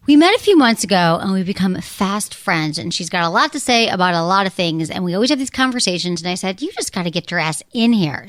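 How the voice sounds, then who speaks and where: A woman's voice: medium pitch, a bit bright, no echo. A woman hosting a podcast about sex and relationships in a bubbly, chatty way, laughing easily. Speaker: podcast host. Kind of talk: casual podcast chat.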